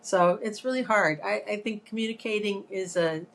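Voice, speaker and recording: A woman's voice: medium pitch, normal speed, fairly bright tone. A woman co-hosting a talk show, explaining points with examples in a casual chat. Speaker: podcast co-host.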